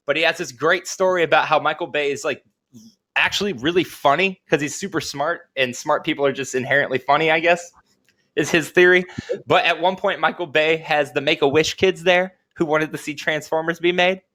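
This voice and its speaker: A man's voice: on the high side, brisk, pushed and bright. A young man co-hosting a casual podcast, telling rambling stories, laughing often and trailing off mid-sentence. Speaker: podcast co-host. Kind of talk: casual chat.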